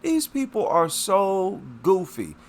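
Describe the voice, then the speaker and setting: A man delivering reaction commentary in an unhurried, deliberate way. His pitch rises and falls widely as he presses his points, and his tone is scornful and indignant. He repeats lines for emphasis. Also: wildly swooping pitch. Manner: emphatic, repeats himself for effect.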